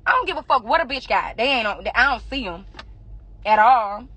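A woman's voice: a little high, animated, pushed and bright, breathy edge, dry recording. A young woman in an angry social media rant, defiant and profane, firing insults at her critics. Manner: rapid-fire insults directed at critics. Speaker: rapper addressing fans.

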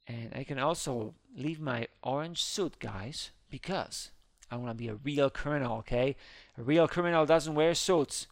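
Excitable gravelly man narrating gameplay. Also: mid-range voice, no room sound, studio quality. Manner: excitable, narrates his own actions, squeals when scared. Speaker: gaming video host. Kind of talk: live gameplay commentary.

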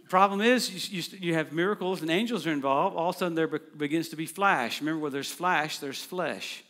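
A middle-aged man preaches, spinning stories with energy. His voice sits a little high, and he jumps up loudly whenever he acts out what someone said. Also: brisk, hardly any pauses. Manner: storytelling, animated, acts out quotes loudly. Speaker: traveling preacher. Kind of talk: sermon.

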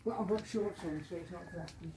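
A man's voice: sits high, brisk, warm tone, a little hiss or hum. A man giving casual travel vlog commentary in chatty, admiring running remarks. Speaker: travel vlogger.

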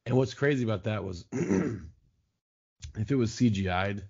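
A man's voice: lowish voice, animated, measured pace, vocal fry, darkish tone, slightly rough, highs cut off. A man talking as a podcast guest, riffing in a profane, sarcastic way in casual chat.

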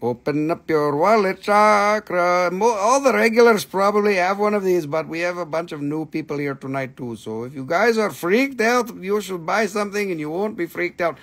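A man's voice: sits high, normal speed, hardly any pauses, a bit bright. A man hosting a live stream gem sale, with joking sales patter and a put-on quirky accent that comes and goes.

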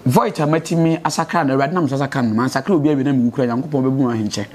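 A man's voice: medium pitch, very fast, a little mellow. A Ghanaian man giving a street interview in Twi and English, earnest and preachy about faith and change.

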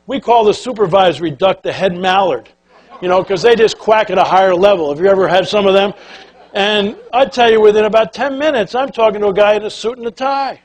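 An older man giving a folksy, animated storytelling speech to an audience, acting out voices as he goes. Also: high voice, a little fast. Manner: animated, folksy, acts out quotes and quacking sounds. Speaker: keynote speaker.

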